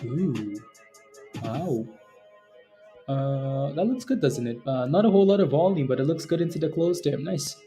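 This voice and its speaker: A man's voice: fairly high pitch, lively intonation, moderate pace, mellow, soft background music. A man hosting a live stock trading stream, chatting casually with viewers and chuckling often as he comments on the market. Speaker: stock trading livestream host.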